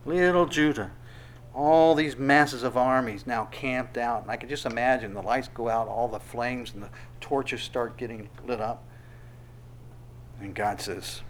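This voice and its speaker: A male pastor preaching a sermon, animated and emphatic, with sudden loud bursts. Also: medium pitch, normal speed.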